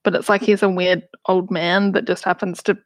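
A woman's voice: mid-range voice, level tone, normal speed, no room sound. A woman casually recapping a film on a podcast, rambling with lots of fillers. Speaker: podcast co-host.

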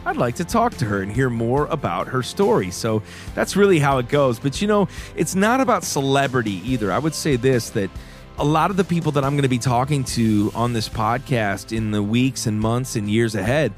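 A man in his thirties hosting a faith podcast, talking earnestly to his listeners and growing soft and emotional when moved. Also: mid-range voice, animated, normal speed, soft background music. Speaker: podcast host. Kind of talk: warm call-in podcast talk.

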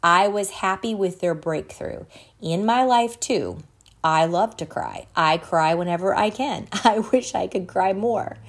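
A woman podcast host reading an article aloud in a measured way, stopping now and then to correct her own slips. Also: medium pitch.

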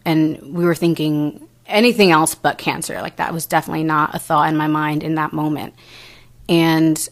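A young adult woman with a low-sitting voice shares a personal story as an interview guest. She's earnest but halting, often restarting and using fillers.

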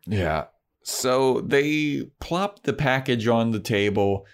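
A man co-hosting a podcast, casually recapping an episode and slipping into quick character voices. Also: medium pitch, smooth. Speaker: podcast co-host.

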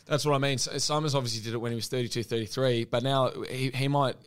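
Young kiwi guy, relaxed chatty guest, smooth clear voice, stumbles and repeats a bit. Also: medium pitch. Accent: New Zealand. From New Zealand. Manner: easygoing, quick laughs, repeats words while thinking. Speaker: guest, professional fast bowler. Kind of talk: casual chat.

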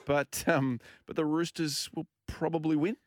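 A man's voice: a little high, flat delivery, moderate pace, darkish tone, no room sound. An Australian man co-hosting a sports podcast in casual, teasing banter, laughing often. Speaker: podcast co-host.

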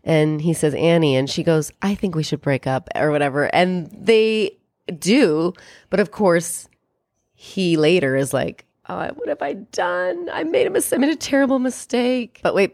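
A young woman casually recapping a film, chatting fast and acting out the characters' lines in quick bits. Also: on the low side, no room sound, clean studio sound. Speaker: podcast co-host.

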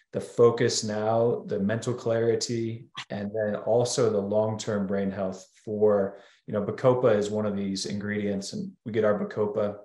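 A man's voice: on the low side, a little mellow, echoey room. A man speaking as a guest on a podcast, talking in a rambling, hesitant way. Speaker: guest, company co-founder. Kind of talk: casual podcast conversation.

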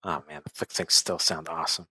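A man co-hosting a casual chat, measured and thoughtful, asking questions. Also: low-pitched, little pitch movement, sharp tone, slightly rough, no room sound, poor audio.

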